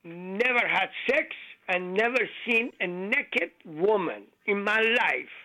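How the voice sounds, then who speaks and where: A man's voice: high voice, lively intonation, slow pace, pushed and bright, full character voice, rough recording. A man putting on a bashful young Texas cowboy. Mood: naive.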